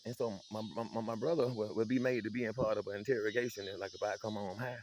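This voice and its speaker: A man's voice: lowish voice, steady tone, fast, darkish tone, a little hiss or hum. A man telling comic family stories, with stammering repetitions and laughing asides. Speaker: storyteller host. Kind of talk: comic personal storytelling.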